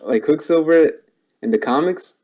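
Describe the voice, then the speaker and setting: A man's voice: a little high, lively intonation, normal speed, a little mellow. A young man as a guest in a casual chat, easygoing and agreeable, who hedges a lot with "like". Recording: muffled lo-fi recording.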